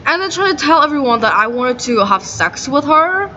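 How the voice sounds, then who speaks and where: Woman, indignant rambling rant, lots of "like", fairly high voice, dull lo-fi audio. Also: very animated, moderate pace, hardly any pauses, bright, forceful tone. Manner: agitated and indignant, many "like" fillers. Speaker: vlogger. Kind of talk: rambling monologue to camera. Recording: dull lo-fi audio with faint noise.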